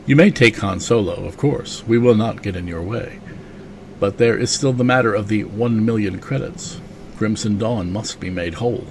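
A man reading comic dialogue aloud as a calculating female crime boss, quiet and measured. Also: on the low side, slight background noise, lightly acted. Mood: cool.

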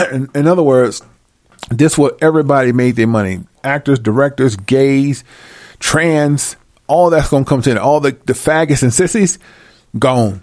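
A man calling himself a Bible teacher reads verses aloud and then preaches over them with fiery, blunt, mocking confrontation. His mid-range voice comes at normal speed in studio-quality audio without echo.

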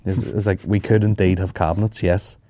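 A man with a lowish voice rambles through sweary, animated anecdotes in casual podcast banter. The sound is dry and close to the mic, with no room around it. He talks loosely, piling up asides. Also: fairly quick, no room sound. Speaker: podcast co-host.

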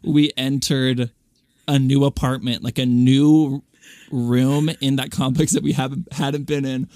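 A young man co-hosting a podcast in a playful, chatty way with quick asides. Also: medium pitch, level tone, warm tone, no echo, studio quality. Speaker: podcast co-host. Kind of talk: casual chat.

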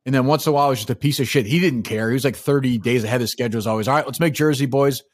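A man's voice: mid-range voice, very fast, no echo, studio quality. A man co-hosting a casual movie podcast, blunt and opinionated, rambling through his points. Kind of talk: casual movie-discussion chat.

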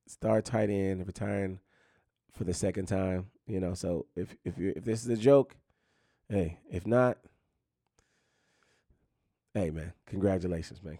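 A man's voice: low-pitched, warm tone, dry recording, clean studio sound. A man hosting a casual sports talk show, rambling and repeating himself with lots of "you know what I'm saying". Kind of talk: casual sports news chat.

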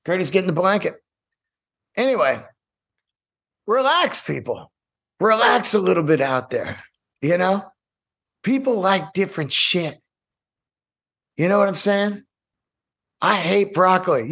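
A man hosting a casual solo podcast, swearing freely and rambling in an animated way. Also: sits high, measured pace, vocal fry, pauses often. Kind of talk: casual monologue.

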